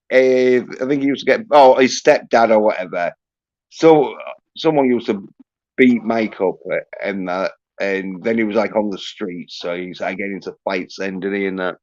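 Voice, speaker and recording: A man hosting a livestream, ranting in a crude, swear-filled, rambling way. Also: medium pitch. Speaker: livestream host. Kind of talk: casual livestream rant. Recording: dull lo-fi audio.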